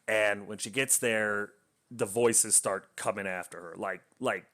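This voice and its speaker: A man's voice: fairly low pitch, fairly even intonation, a little slow, bright, forceful tone. A man reviewing a book, casually retelling its plot in a rambling way with lots of fillers and restarts.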